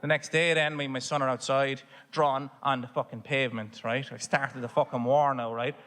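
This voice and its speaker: A man with an Irish accent performing stand-up comedy on a theatre stage, telling a story full of swearing that builds to shouting. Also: medium pitch, steady tone, normal speed. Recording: live hall reverb, faint audience noise.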